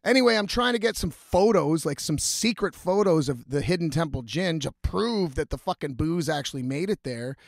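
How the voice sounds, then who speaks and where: A man telling a story in a casual, animated, heavily profane way, rambling as he goes. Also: on the high side, moderate pace, vocal fry, few pauses, no echo, clean studio sound. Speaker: vlogger.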